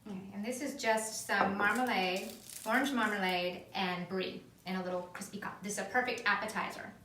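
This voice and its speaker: A woman's voice: medium pitch, fairly even intonation, fairly quick, pushed and bright, slight background noise. A woman co-hosting a wine podcast, chatting casually and enthusiastically with fillers while tasting. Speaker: podcast co-host. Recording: echoey room, mic at a distance.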